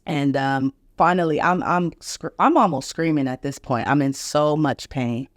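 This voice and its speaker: A woman's voice: low voice, normal speed, no room sound, studio quality. A middle-aged woman physician hosting a podcast, earnestly and emotionally telling a vivid personal story and acting out the other people's voices. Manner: vivid, emphatic retelling, acting out each voice.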